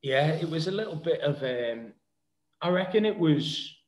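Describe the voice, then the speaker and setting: A man's voice: on the high side, animated, normal speed, a little mellow. A man in his thirties, a footballer being interviewed, talking in a rambling, casual way with many fillers and restarts. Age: 30s. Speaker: guest footballer.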